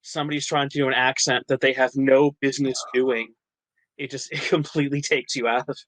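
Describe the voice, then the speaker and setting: A man's voice: mid-range voice, flat delivery, a little fast, fairly bright tone, no echo, rough recording. A man from New Jersey, an actor and writer, chatting as a podcast guest, laughing often and restarting his sentences. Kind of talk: casual interview chat.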